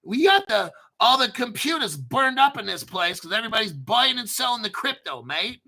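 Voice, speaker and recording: Man putting on a yelling Australian broker. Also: extremely high pitch, very animated, moderate pace, vocal fry, voice pushed up, full character voice. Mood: scolding. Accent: put-on Australian. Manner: yelling, scolding. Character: angry Australian male crypto broker.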